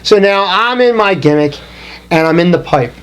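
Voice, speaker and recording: A middle-aged man hosts a casual round-table chat and tells animated stories. His voice sits slightly higher than most men's. His delivery stays loose and conversational. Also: normal speed, a little hiss or hum. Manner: storytelling, animated. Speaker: host.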